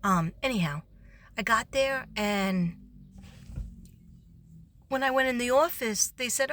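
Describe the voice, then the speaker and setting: A woman's voice: mid-range voice, unhurried, pauses often, fairly bright tone. A tired woman telling a rambling workday story in a casual vlog, laughing often and acting out what others said. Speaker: substitute teacher vlogger.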